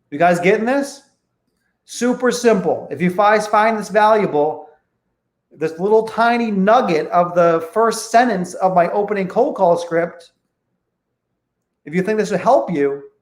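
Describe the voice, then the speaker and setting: Emphatic man coaching, slightly high voice. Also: reverberant. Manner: emphatic, keeps checking in with "okay?". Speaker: real estate investing coach. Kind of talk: online training talk.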